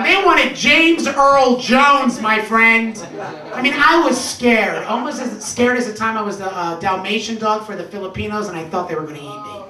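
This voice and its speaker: A man's voice: high voice, very noisy. Man doing stand-up in a roomy club. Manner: animated storytelling, shouts punchlines in put-on voices. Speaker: stand-up comedian. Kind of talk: stand-up comedy set. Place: small comedy club stage. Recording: roomy club sound from a distance with audience. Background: audience laughter.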